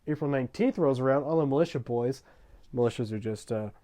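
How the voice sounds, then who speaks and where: A young man giving a jokey, slangy history rundown over gameplay, with deadpan asides. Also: mid-range voice, fast talker.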